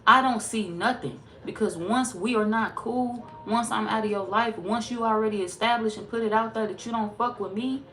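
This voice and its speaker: A woman's voice: fairly high pitch, moderate pace, few pauses, fairly bright tone, faint music behind. Blunt, profane woman tarot reader. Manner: blunt, profane, sassy and emphatic. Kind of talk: casual tarot reading monologue.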